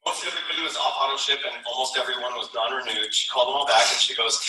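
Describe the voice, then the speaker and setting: A man giving an energetic, persuasive motivational speech at a sales event, repeating his key phrases to a roomful of people. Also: mid-range voice, very fast, few pauses, a little hiss or hum. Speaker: speaker at a company sales event. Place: large room with an audience. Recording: echoey hall, mic from far off.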